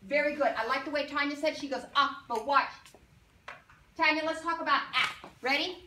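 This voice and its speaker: A woman with a high, bright, ringing voice leads young children through a phonics lesson. She stretches out each sound and praises readily. She is heard in an echoey classroom with a faint background hiss. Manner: encouraging, drawn-out modeled sounds and call-and-response prompts. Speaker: elementary school teacher. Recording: echoey room from far off.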